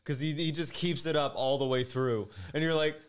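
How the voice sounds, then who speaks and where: A man co-hosting a podcast, chatting casually with quick, jokey asides. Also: fairly high pitch, fairly even intonation. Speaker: podcast co-host.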